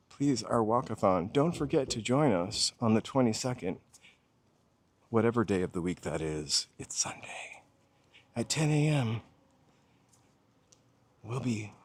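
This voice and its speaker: A man's voice: mid-range voice, a little mellow. A man with a plain General American accent talks casually as he walks down a city street. He muses aloud, drifts between thoughts and stops to reply to his livestream viewers. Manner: chatty, musing aloud, answering viewers' chat. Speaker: walking tour livestream host. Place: outdoors on a city street while walking.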